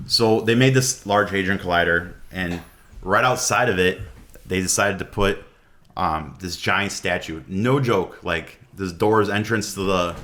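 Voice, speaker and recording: A man's voice: low-pitched, bright, forceful tone. A man talking as a podcast guest, explaining at length in a loose, rambling way full of fillers. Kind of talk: casual podcast chat.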